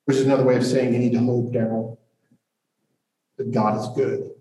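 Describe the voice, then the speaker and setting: A male pastor preaching earnestly and reflectively with long pauses, then opening questions to the congregation. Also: medium pitch, flat delivery, dark tone. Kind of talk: sermon and congregation Q&A. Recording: roomy hall audio from a distant mic.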